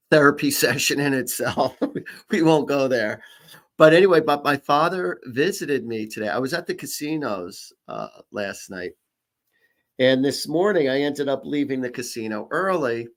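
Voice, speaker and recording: A man's voice: medium pitch, a bit bright. A middle-aged man with a mid-range voice who hosts a casual psychic reading show. He rambles through personal stories and restarts his sentences often. He tosses in jokes and laughs as he reads horoscopes for viewers. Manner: rambling storyteller, jokey, many restarts. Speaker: psychic and comedian host. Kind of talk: casual live-stream chat and horoscope reading.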